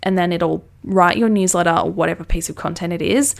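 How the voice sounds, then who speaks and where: This is a woman, her voice sitting a little low. She chats enthusiastically through a casual how-to on content writing, peppering it with "like" and "you know". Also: fairly quick, vocal fry. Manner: chatty, enthusiastic, filler-heavy. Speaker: brand copywriting coach. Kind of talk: casual how-to talk to camera.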